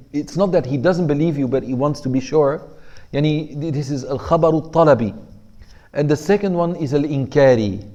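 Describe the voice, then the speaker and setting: A man teaching a class on Arabic rhetoric, explaining in English and reading Arabic passages aloud quickly, relaxed and joking with his students. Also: a little high.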